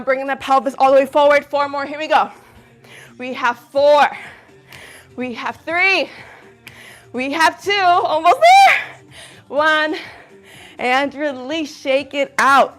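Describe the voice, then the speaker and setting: A woman, a little out of breath, leads a ballet-style workout, counting reps and cheering her class on. She talks slowly, with drawn-out counts, in a voice a bit high for a woman. Faint music plays behind her. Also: fairly bright tone. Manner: upbeat, encouraging, counts reps and whoops. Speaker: fitness instructor. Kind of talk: live workout instruction.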